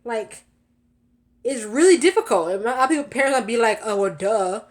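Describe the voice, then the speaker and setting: Chatty young woman, slightly high voice. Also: animated, a little fast. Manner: chatty, laughs often, lots of fillers. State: out of breath. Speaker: vlogger. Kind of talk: casual storytelling vlog.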